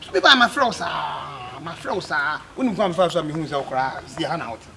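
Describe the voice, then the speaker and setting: A man's voice: a little high, lively intonation, quick pace, vocal fry, background noise. An actor with a Ghanaian accent playing a man pleading and apologizing to his girlfriend in a comedy skit.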